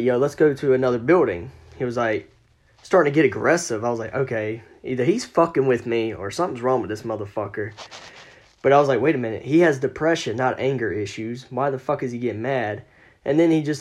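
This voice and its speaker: A man's voice: mid-range voice, a little mellow. A man telling a ghost story as a podcast guest, casual and profane, acting out the quoted lines.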